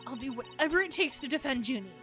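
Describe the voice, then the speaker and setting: Woman voicing a cheerful young lady lawyer, high lively voice, bright tone, faint game music under it. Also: quick pace.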